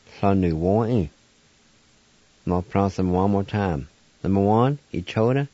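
A man's voice: fairly low pitch, a little slow, dark tone, no echo, highs cut off. A man giving a radio language lesson, patiently spelling words out syllable by syllable and pronouncing them. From Oklahoma, United States. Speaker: language teacher.

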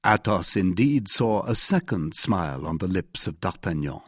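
A man narrating an adventure novel as an audiobook in an expressive storytelling manner. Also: sits low, normal speed, slightly rough, no room sound, studio quality. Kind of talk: scripted narration.

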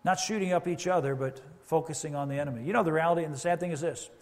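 A high-pitched man preaches from the pulpit, talking to his congregation in a conversational way and slipping into quoted voices. The sound carries a long reverberant tail from the church hall around him. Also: very fast. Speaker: pastor. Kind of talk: sermon. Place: church sanctuary.

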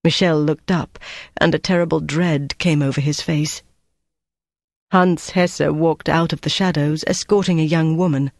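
An audiobook narrator reading a wartime thriller in measured, even scripted narration. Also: mid-range voice, no echo, clean studio sound.

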